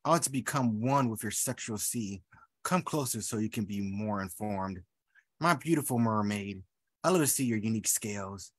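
A man's voice: on the low side, moderate pace, no echo, clean studio sound. A man at an open mic reading rhyming poems, with playful banter and casual ums between pieces.

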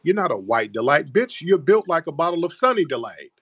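A man's voice: a little high, sing-song, brisk, a bit bright, husky, no echo, studio quality. A man hosting a live stream, mocking and taunting a caller in a heated argument and repeatedly calling her "ma'am". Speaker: livestream host.

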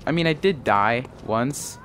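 Hosting a let's play for his gaming channel, this man speaks jumpily, with frequent exclamations and plenty of swearing. His medium-pitched voice is animated and a bit bright, delivered at a measured pace. Slight background noise and game audio sit behind the voice.

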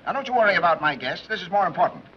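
A blustering mayor, snapping orders in a high, bright, quick voice. The sound is a muffled 1930s film track with faint hiss. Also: male voice, big pitch swings. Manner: brisk, commanding. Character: indignant blustering city mayor.

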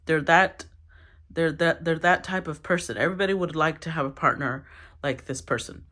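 A woman giving a solo tarot reading, thinking aloud with sighs, restarts and throat clearing. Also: sits low, normal speed, a bit bright. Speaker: tarot reader.

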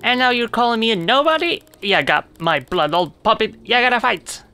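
Player squeaking out a hot-headed little spider. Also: animated, moderate pace, sharp tone, smooth. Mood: picking a fight. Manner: picks fights, street slang, high squeaky voice. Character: cocky small spider, short-tempered, itching to fight.

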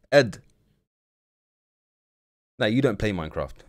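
A young man livestreams casual commentary, speaking bluntly and in slang and swearing freely as he talks with viewers. His voice sits on the low side at a moderate pace.

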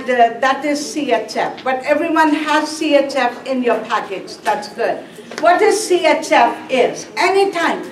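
A woman with a high voice teaches a nursing class at a slow, deliberate pace. She fires questions at the room and answers them herself, driving home key terms by repeating them. She is picked up from across an echoey classroom. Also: slight background noise. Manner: asks and answers her own questions, repeats key words. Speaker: nursing instructor. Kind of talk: classroom lecture. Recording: roomy classroom from a distance.

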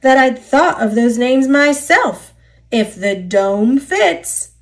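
A woman voicing a polite, dignified male steam engine in a storybook read-aloud, speaking gravely and courteously. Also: a little high, expressive, takes it slowly, pitched above the performer's own voice.

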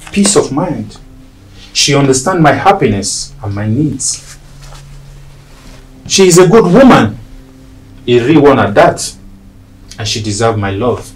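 An actor in a Nigerian film playing an earnest young man who calmly declares his love, with a Nigerian accent. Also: medium pitch, rough recording. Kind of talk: Nollywood film acting.

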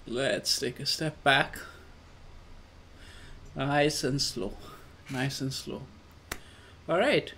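A man doing casual let's play commentary, coaxing his character along with repeated calm-down phrases. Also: medium pitch, very slow, long pauses, a little hiss or hum. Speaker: gamer.

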